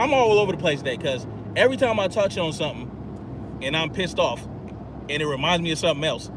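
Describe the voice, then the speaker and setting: A man's voice: on the high side, background noise. A man hosting a podcast in an agitated, profane, rambling monologue. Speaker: podcast host. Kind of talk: ranting monologue.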